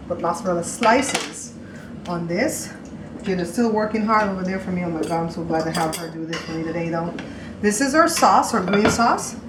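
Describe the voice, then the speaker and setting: A woman's voice: mid-range voice, noisy background. A woman hosting a home cooking show in casual chat, chatty and repetitive, talking to viewers as guys. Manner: chatty, repeats words, addresses viewers as guys.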